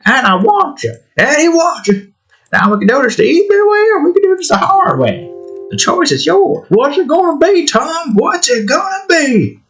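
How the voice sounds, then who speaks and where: A man putting on a menacing prison tough with a very high, drawn-out, taunting voice. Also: very animated, a bit bright, exaggerated voice.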